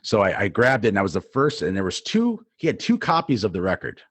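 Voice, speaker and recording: A middle-aged man from New Jersey tells stories on a podcast in a low voice. He wanders and restarts, with plenty of fillers. The recording is dry and close. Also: huge pitch swings, fast, fairly bright tone, slightly rough, no echo. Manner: rambling, many fillers and restarts. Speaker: podcast co-host, DJ. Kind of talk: casual storytelling.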